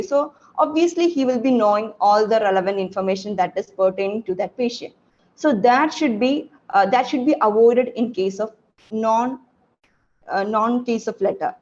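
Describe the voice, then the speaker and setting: A woman giving an informal spoken lesson on exam writing tips, pausing often with fillers and restarting her sentences. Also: fairly high pitch, a little mellow. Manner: hesitant, many fillers and restarts. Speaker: student sharing exam tips. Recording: dull lo-fi recording.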